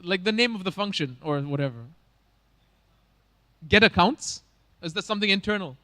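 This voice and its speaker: High, bright man joking onstage. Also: expressive, moderate pace. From Bangalore, India. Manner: joking, teasing the audience. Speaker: conference host. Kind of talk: casual stage banter. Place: conference stage.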